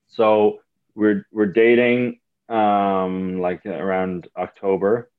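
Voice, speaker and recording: A man's voice: on the low side, slow pace, clean tone, narrow, tinny audio. A young man, a comedian telling rambling, profane stories in a casual podcast chat. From Canada. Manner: rambling, profane, animated storytelling. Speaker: comedian guest.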